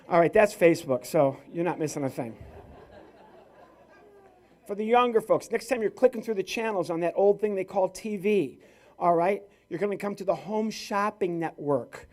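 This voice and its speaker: A male comedian and ventriloquist doing live stand-up with crowd work on stage at a corporate event, telling stories in a lively, playful way. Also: sits high.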